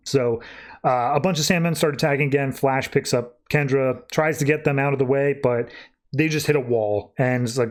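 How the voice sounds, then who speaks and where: A man hosting a podcast, casually recapping comic issues in a loose, offhand way. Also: mid-range voice. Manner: recaps scenes loosely, tossing in quick offhand voices for characters. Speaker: podcast host.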